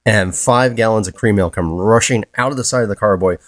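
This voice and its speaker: A man's voice: on the low side, fast, dry recording. A man co-hosting a podcast, telling brewing disaster stories and reading listener letters in a dry, wry way. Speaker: podcast co-host.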